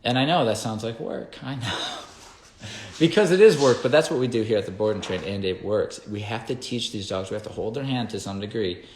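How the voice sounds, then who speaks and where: A man's voice: fairly low pitch, fairly quick, a little mellow, a little hiss or hum. A man who works as a dog trainer, explaining in a casual, emphatic way and often checking in with "okay?" and "right?". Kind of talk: casual instructional talk. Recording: echoey room.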